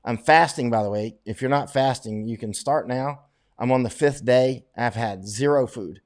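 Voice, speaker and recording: A man with a drawl hosting a casual livestream chat. His voice sits at a middling pitch, and he rambles and restarts his sentences often, with plenty of "uh" and "you know" as he answers viewers. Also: moderate pace, a little mellow. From United States. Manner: rambling, with many fillers and restarts.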